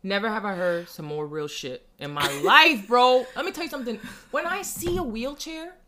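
A woman's voice: fairly high pitch, normal speed, a crowd in the background. A young woman with a New York accent, telling stories in a casual chat, cursing freely and with emphasis. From New York City. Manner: profane, emphatic, animated storyteller. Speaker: podcast host.

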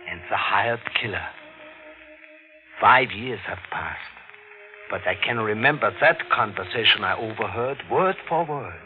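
A man's voice: medium pitch, lightly acted. An actor playing an earnest, hesitant male waiter who narrates and stammers, in a 1940s-style radio drama. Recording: tinny old radio broadcast with music.

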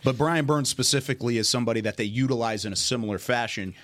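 A man's voice: mid-range voice, fast, a bit bright. A man hosting a sports talk show, playful and often laughing as he runs the segment. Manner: playful, keeps laughing, reads out text line. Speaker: host.

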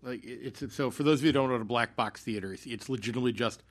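A man's voice: medium pitch, rapid-fire. A man telling a long theater story in casual podcast chat, rambling with many fillers and restarts. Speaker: podcast co-host.

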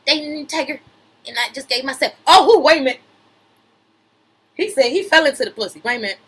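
A woman's voice: sits high, a little fast, fairly bright tone, husky, low-quality recording. A young adult woman hosting a podcast, reading celebrity news aloud and riffing on it animatedly, cutting in on herself with repeated "wait a minute"s and slang. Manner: reads news aloud then riffs with slang and laughter. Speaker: podcast host. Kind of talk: gossip commentary.

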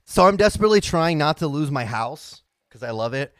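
A man's voice: a little high, fairly quick, dry recording, clean studio sound. A young man co-hosting a podcast, chatting casually and joking. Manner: joking, expressive. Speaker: podcast co-host. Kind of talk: casual chat.

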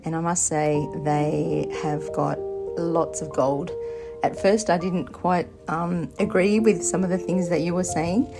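A woman's voice: on the low side, fairly even intonation, vocal fry, music in the background. A woman from Australia, leaving a sincere voicemail for a podcast host. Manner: measured, sincere, with pauses and ums. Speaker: voicemail caller. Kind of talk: phone voicemail message.

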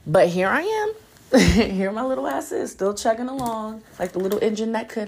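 A young adult woman hosting a solo podcast, talking in a blunt, profane and animated way. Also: a little high, moderate pace, slightly rough. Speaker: podcast host. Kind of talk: casual solo podcast rant.

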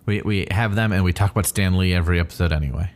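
Man, low voice, podcast co-host, casual comic talk, easygoing, laughs often. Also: rapid-fire. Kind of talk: casual comic book discussion.

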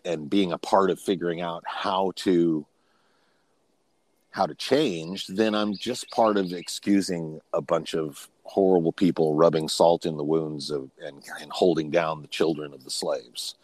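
A man in his fifties with a very low voice, speaking candidly as a podcast guest. He rambles through personal memories and keeps restarting his phrases as he looks for the words. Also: steady tone, measured pace, a little mellow. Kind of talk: personal storytelling in casual conversation.

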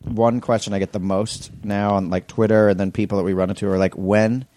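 Male podcast co-host, low-pitched, teasing and chatty, dry sound. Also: flat delivery, fast talker, warm tone, no echo. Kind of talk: casual chat.

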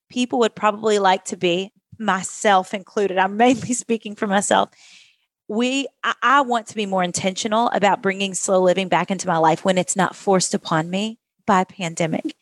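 A woman's voice: medium pitch, no room sound, studio quality. Bubbly Kentucky woman podcast host. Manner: bubbly, gushing, laughs often. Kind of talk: casual interview chat.

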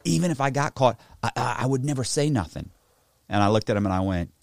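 A man telling a story in casual chat, profane and animated, acting out both sides of a conversation. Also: mid-range voice, quick pace, gravelly, dry recording, studio quality. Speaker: podcast host telling a story.

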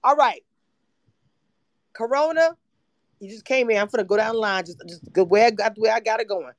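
A woman hosting a livestream, chatting animatedly and excitably about a reality show, sometimes breaking into shouts and laughter. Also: fairly high pitch, normal speed. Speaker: livestream host. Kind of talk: casual reality-TV recap chat.

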